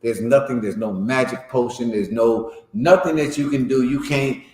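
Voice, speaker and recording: A man's voice: medium pitch, moderate pace, darkish tone. A man teaching an informal Bible class, explaining verses in plain slang and often checking in with "you know what I'm saying?". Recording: echoey room.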